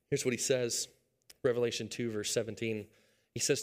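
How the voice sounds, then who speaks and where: A male pastor in his thirties delivers a sermon with a storyteller's touch. He sinks to quiet, earnest lines, then climbs into animated, louder passages when recounting everyday moments. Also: mid-range voice, normal speed. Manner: storytelling, swings from hushed to loud and excited.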